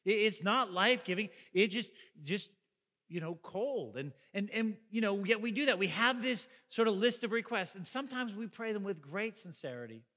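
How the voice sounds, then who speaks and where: A man's voice: sits high, bright, forceful tone, long reverb tail. A middle-aged man preaching a sermon as pastor, in a conversational way that asks the listeners questions. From Canada.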